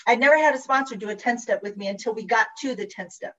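Animated woman telling her story, distant and dull. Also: on the high side, fast talker, few pauses. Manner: animated, acts out quoted dialogue, repeats phrases. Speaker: speaker sharing recovery story. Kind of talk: personal storytelling talk.

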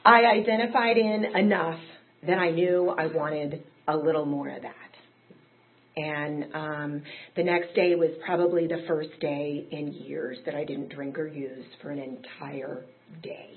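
A woman's voice: low voice, level tone, unhurried, slight background noise. A woman telling her own recovery story in a candid, conversational way that rises into emotional peaks. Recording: tinny phone-like audio.

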